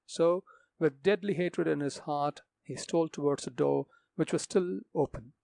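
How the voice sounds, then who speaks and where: A man narrating a mystery audiobook in a measured, dramatic reading. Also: fairly high pitch, gravelly, warm tone, dry recording.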